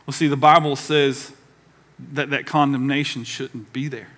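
Bright lively pastor preaching. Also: male voice, medium pitch, unhurried. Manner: lively, conversational, acts out quoted voices. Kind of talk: sermon. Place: church sanctuary.

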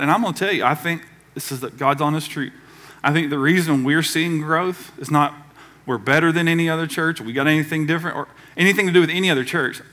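A man's voice: on the high side, fairly bright tone. A man from the American South preaching a conversational sermon as pastor, acting out quoted voices along the way.

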